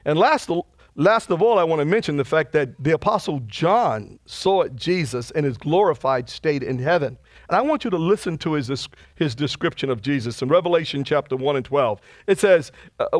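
Male pastor, sermon delivery, high voice, swooping animated range. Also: moderate pace, no echo. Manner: animated preaching with rising emphasis on scripture readings.

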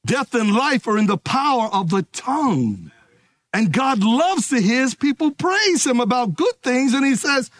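A man preaching a sermon, emphatic and calling out to his congregation, easing into relaxed stories. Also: very high-pitched, unhurried, no room sound. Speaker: pastor.

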